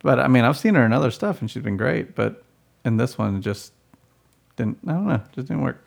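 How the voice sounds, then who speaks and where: A man's voice: mid-range voice, animated, brisk, gravelly. A man co-hosting a movie podcast, laid-back and hesitant, trailing off as he chats. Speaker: podcast co-host. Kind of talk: casual movie podcast chat.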